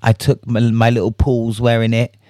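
A man in the middle of his voice range talks casually on his own show, lively and loose, swearing and laughing as he acts out reactions. His voice sits close and dry, with no room sound around it. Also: medium pitch, normal speed, dry recording. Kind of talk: casual solo chat.

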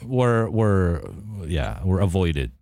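A man's voice: deep voice, big pitch swings, takes it slowly, darkish tone, no echo. A joking man co-hosting a podcast. His voice rises and falls a lot as he teases the group in a mix of English and Tagalog, and the recording is dry with no room sound. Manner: joking, laughs easily, mixes English and Tagalog. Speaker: podcast co-host. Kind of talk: casual chat.

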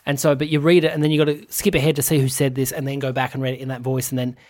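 A man's voice: medium pitch, level tone, racing, a little mellow. A man, a comedian guest on a podcast, chatting and rambling about books. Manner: rambling, enthusiastic storyteller. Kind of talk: casual chat.

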